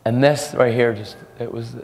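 A man's voice: mid-range voice, moderate pace. Earnest preaching man in an echoey hall. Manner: earnest, casual, repeats words when excited. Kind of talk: storytelling sermon. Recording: echoey hall with faint music.

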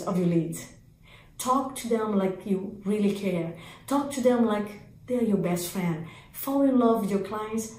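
A woman coaching real estate agents in an energetic sales training talk, speaking in emphatic, repetitive lists of commands. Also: mid-range voice, reverberant, rough recording.

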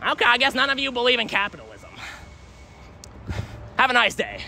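A young man livestreaming while walking a city street, rambling, swearing constantly, and pitching strangers. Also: huge pitch swings, brisk, gravelly, pushed and bright, slight background noise. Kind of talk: live street streaming.

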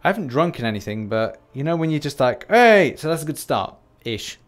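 A British gaming YouTuber talks fast and expressively in a mid-range voice over game footage. He's casual, rambling, and jokey, often poking fun at himself.

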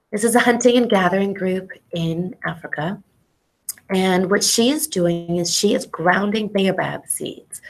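A middle-aged woman, an ethnobotanist, telling lively stories to students in an animated educational talk over a video call. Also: medium pitch, gravelly. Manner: animated storyteller, exclamations and acted-out quotes; casual, says y'all.

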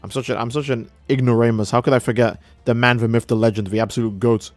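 A young man live-streaming a game, chatting casually and reading out donations, laid-back and profane, his voice jumping high when he gets excited. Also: quick pace, dry recording, faint music behind.

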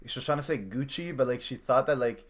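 A man co-hosting a podcast in casual chat, an animated storyteller who repeats himself and keeps saying dude. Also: mid-range voice, quick pace. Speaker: podcast co-host.

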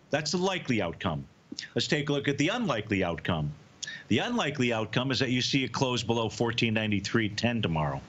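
A man's voice: medium pitch, a bit bright, highs cut off, a little hiss or hum. A man hosting a live market analysis show, answering viewer questions and explaining charts step by step.

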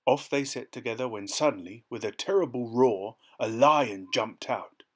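A man reading a children's story aloud with expressive storytelling. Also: medium pitch, moderate pace. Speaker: storybook reader.

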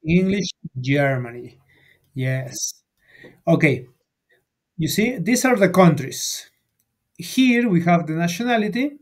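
A man teaching a basic English class, sounding out each word clearly for students to repeat. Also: fairly high pitch, expressive, takes it slowly, long pauses. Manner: enunciates each word for learners to repeat, rising on prompts. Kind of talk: classroom drill, call and repeat.

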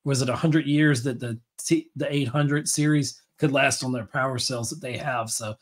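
A man's voice: medium pitch, fairly even intonation, moderate pace. A man hosting a podcast, talking in a rambling, enthusiastic way with many fillers and restarts. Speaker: podcast host. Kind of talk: casual chat.

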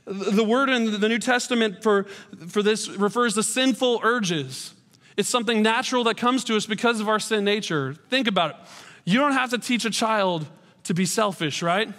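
High-voiced man preaching in a big hall. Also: moderate pace, fairly bright tone. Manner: storytelling with self-deprecating humor. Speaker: pastor. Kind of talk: sermon. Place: church auditorium. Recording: long hall reverb.

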